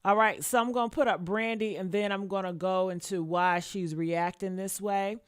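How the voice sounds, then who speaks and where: A sassy woman host dishing on celebrity gossip, mid-range voice, very dry and close. She's blunt and profane, dropping to low mutters and then flaring up loud. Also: fairly even intonation, normal speed, smooth, dry recording. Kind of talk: casual commentary reading statements.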